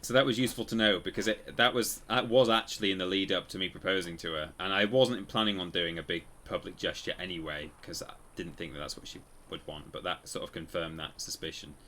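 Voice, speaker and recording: Deep-voiced man rambling through gameplay. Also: fairly even intonation, quick pace, few pauses, bright, forceful tone, slight background noise. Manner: rambling, self-correcting storyteller. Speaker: streamer playing a game. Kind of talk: casual live-stream commentary.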